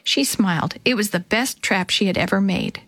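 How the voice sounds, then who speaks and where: A woman reading a children's chapter book aloud, telling the story gently and lightly voicing the characters. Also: medium pitch, moderate pace, dry recording. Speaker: storybook reader.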